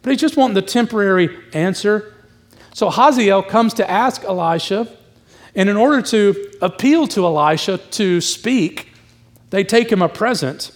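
A middle-aged man preaching in a casual, emphatic way, slightly breathless as he goes. His voice sits a bit high for a man, and he slips into the voices of the people in the story as he tells it. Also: expressive, moderate pace. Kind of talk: expository sermon.

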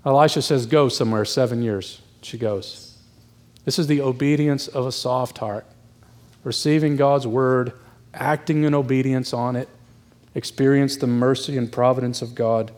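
A man's voice: mid-range voice, fairly even intonation, normal speed, darkish tone. A middle-aged man preaching a sermon, out of breath, talking in a conversational and emphatic way and acting out the people in the story. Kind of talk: expository sermon.

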